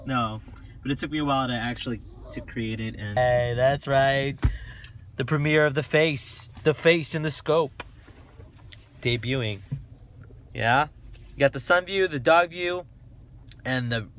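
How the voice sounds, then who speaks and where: A man's voice: mid-range voice, unhurried, pauses often, a bit bright. A man casually livestreaming from inside a parked car, rambling and joking with viewers on his phone. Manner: rambling, jokey, sings snatches of songs. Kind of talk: casual live chat. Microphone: phone held in a car.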